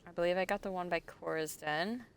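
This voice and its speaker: A woman's voice: fairly low pitch, fairly quick, slight background noise. Chatty woman streaming a game. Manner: chatty, talks to herself and chat, laughs often. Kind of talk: casual live gameplay commentary.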